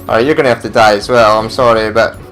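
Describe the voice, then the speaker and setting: A man's voice: lowish voice, flat delivery, fairly quick, a bit bright, faint music behind. A man giving casual let's play commentary as he plays, chatting to himself and grumbling when things go wrong. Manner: chatty, talks to himself while playing, frustrated outbursts.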